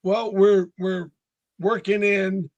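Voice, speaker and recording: A North Carolina man in his sixties, a band member, takes it slowly as he tells stories in a casual interview, his high-pitched voice heard without any echo. He is an animated storyteller, acting out the voices of the people in his tales.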